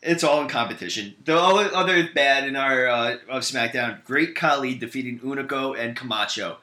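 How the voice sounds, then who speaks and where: A man co-hosting a casual podcast, talking bluntly and brushing off opinions he disagrees with. His voice is bright and forward. The room around him is echoey. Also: medium pitch, normal speed. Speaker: podcast co-host. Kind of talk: casual wrestling chat.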